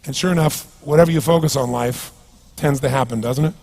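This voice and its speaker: An American motivational speaker gives an energetic seminar talk at a brisk pace in a mid-range voice, putting questions to his audience.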